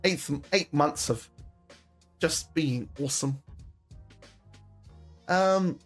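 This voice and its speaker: A man's voice: on the high side, drawn-out words, faint music behind. A man, chatting casually with callers on a stream, full of slang and swearing. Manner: slangy, excitable, swears freely. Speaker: streamer taking call-ins. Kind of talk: casual chat.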